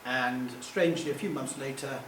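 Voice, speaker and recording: A man's voice: mid-range voice, normal speed. A man giving a live talk to an audience, rambling and self-deprecating, with jokey asides. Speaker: public speaker. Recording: echoey room, distant mic, faint hum.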